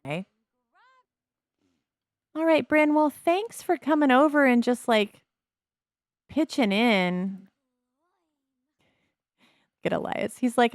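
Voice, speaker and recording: A middle-aged woman chats through her gameplay in a relaxed, wry way, laughing at her characters. Her voice sits at an ordinary middle pitch. The sound is close and dry, with no room around it. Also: measured pace, vocal fry, pauses often, no echo. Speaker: let's play host. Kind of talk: casual gameplay commentary.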